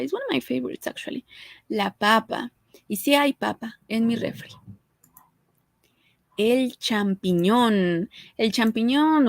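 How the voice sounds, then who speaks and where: Young Mexican woman, Spanish teacher, chatty, bilingual, higher voice, dry close sound. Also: no room sound, poor audio. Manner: switches between Spanish and English, chatty with light laughs. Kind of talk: casual language lesson.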